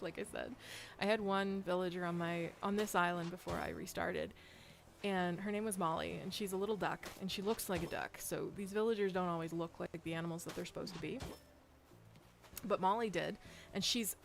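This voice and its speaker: A woman's voice: lowish voice, gravelly, slight background noise. A woman streaming a game, chatting casually and rambling, laughing often. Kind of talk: casual chat while playing.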